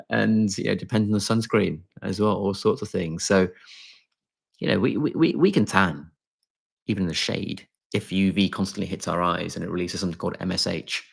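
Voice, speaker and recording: A man's voice: lowish voice, vocal fry, fairly bright tone, breathy edge. A man, a doctor, casually answering viewers' chat questions on a live stream, talking with many fillers and restarts.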